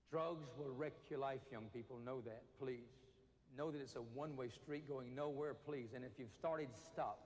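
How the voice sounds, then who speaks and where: A man's voice: mid-range voice, moderate pace, darkish tone. A man giving a motivational talk to teenagers, telling stories and acting out the voices of the people in them. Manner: storytelling, acts out voices of inmates. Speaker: speaker. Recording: reverberant hall with faint noise.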